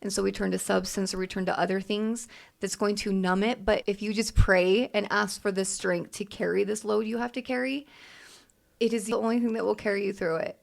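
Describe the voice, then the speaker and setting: A young adult woman, a podcast co-host, telling a heartfelt personal story in a halting way with many restarts. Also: mid-range voice, fairly even intonation, vocal fry.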